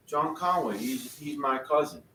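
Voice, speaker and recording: A man's voice: medium pitch, animated, a little slow, distant mic. A man rambles on in casual talk, often restarting and breaking into laughter. He sits some way off the mic in an echoey room, with faint noise underneath. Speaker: vlogger.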